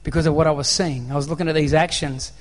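A man's voice: fairly high pitch, fairly even intonation, fast talker. A man with an Australian accent preaching a sermon, telling a personal story in an earnest, conversational way. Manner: earnest, conversational, acts out dialogue. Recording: long reverb of a large hall.

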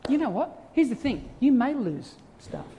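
A pastor preaching a sermon in an animated way, full of rhetorical questions and acted-out quotes. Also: high-pitched, normal speed, slight background noise. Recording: reverberant church hall sound.

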